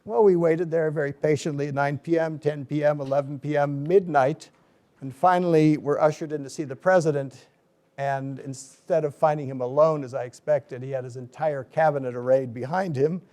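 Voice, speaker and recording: A middle-aged man giving a book talk, telling an anecdote in a lively way and acting out the people he quotes. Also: a little high, moderate pace. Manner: animated storyteller, acts out quoted voices. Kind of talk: storytelling lecture.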